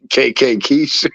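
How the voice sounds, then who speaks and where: A man's voice: medium pitch, gravelly, fairly bright tone, no echo, highs cut off. A man hosting a livestream and reading chat aloud, laughing often, repeating himself and scolding a viewer. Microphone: streaming setup mic.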